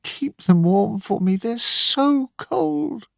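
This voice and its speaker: A man's voice: very high-pitched, lively intonation, slow pace, vocal fry, no echo, clean studio sound, voice pushed up, full character voice. A man voicing a desperate mother who pleads and screams for help for her children in a storybook reading. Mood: pleading. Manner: pleading, screaming, sobbing prayer. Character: desperate woman, a frantic mother.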